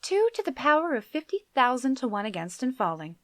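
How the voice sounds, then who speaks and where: Woman doing a soothing female ship voice, pleasant and even, storybook read, dry sound. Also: high-pitched, a little fast, no echo, pitched above the performer's own voice. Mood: calm. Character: calm, pleasant female spaceship voice.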